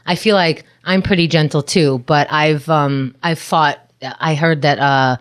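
Brief: woman with a low voice, blunt and profane, casual chat storyteller. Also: fairly even intonation, measured pace.

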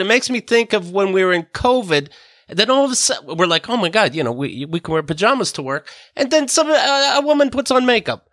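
A man's voice: high-pitched, big pitch swings, fairly quick, a bit bright, dry recording, studio quality. A man hosting a podcast, talking casually in a blunt, jokey way with plenty of swearing. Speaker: podcast host.

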